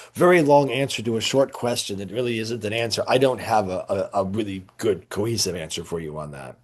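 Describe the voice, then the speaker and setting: A middle-aged man, a priest teaching church history, lecturing informally and rambling with many fillers and restarts. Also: lowish voice. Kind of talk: informal lecture answering questions.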